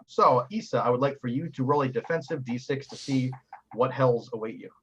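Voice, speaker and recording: A man running a tabletop game as game master, excitable and laughing as he narrates. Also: medium pitch, brisk, slightly rough. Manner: excitable, laughing, full of fillers. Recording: dull lo-fi audio.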